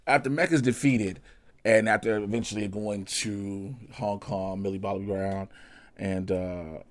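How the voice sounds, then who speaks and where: A man giving a casual movie review in animated, profane, slangy talk. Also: on the low side, measured pace.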